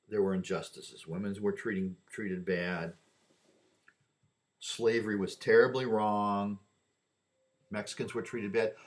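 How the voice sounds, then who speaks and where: A man delivering a rambling opinion monologue, often repeating and restarting his words. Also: fairly low pitch.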